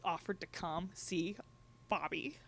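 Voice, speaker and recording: A young woman with a slightly low voice, speaking as a guest on a conversational show. She tells her story in a relaxed, candid way, laughing now and then and taking on livelier voices when she quotes others. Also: slow pace, slight background noise. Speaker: guest sharing a personal story.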